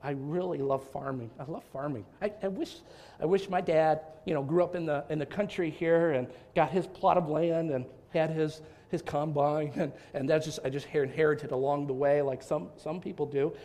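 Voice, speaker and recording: A male pastor preaching a sermon, animated and talkative, with frequent restarts and rhetorical questions to his congregation. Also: on the high side, moderate pace.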